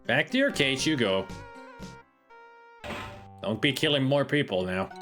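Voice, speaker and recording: A man's voice: medium pitch, lively intonation, unhurried, fairly bright tone, soft background music. A man streaming a video game, chatting and joking with rambling asides as he plays. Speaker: gameplay streamer. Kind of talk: casual gameplay commentary.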